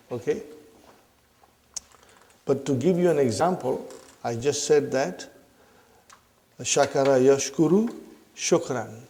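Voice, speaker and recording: An Arabic language teacher gives a classroom grammar lesson in a slow, gravelly, mellow mid-range voice. He repeats his questions to the class, checks understanding with "huh?" and "are you with me," and addresses the listeners as brothers and sisters.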